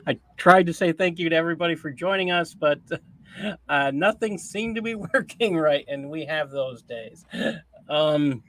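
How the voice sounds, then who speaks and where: A man hosting a Christian news show, reading scripture and commenting in an earnest, deliberate way over a call mic. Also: a little high, a bit bright.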